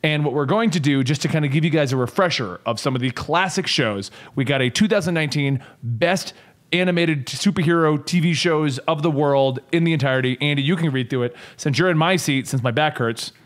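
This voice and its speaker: A man's voice: fairly high pitch, a little fast. A man hosting a casual podcast chat, joking, laughing and rambling. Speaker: podcast host.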